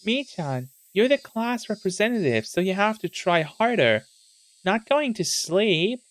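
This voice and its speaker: A man's voice: high-pitched, very animated, unhurried, fairly bright tone, voice pushed up, full character voice. A man doing a prim young schoolteacher. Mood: chiding. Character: cheerful young woman schoolteacher.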